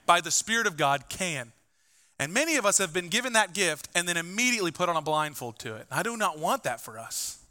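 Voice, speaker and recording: A man preaching a sermon as pastor, emphatic, rising to loud bursts and dropping low, with conversational asides.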